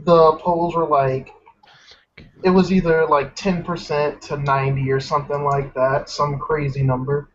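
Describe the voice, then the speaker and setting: A man's voice: on the high side, level tone, measured pace, dull audio, a little hiss or hum. A man in a casual stream chat, telling stories loosely with many fillers. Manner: loose, filler-heavy storytelling.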